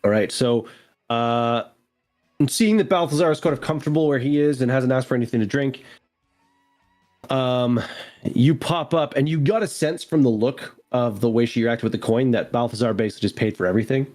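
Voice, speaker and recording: A man's voice: medium pitch, fairly quick, darkish tone, soft background music. A man narrating a tabletop game as game master, loose and descriptive with lots of fillers.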